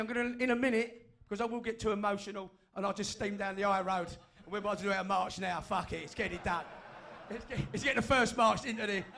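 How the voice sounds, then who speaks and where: A man's voice: sits high, fairly bright tone. A man giving a fiery, sweary speech to a fan meeting in a room full of people. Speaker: fan group speaker.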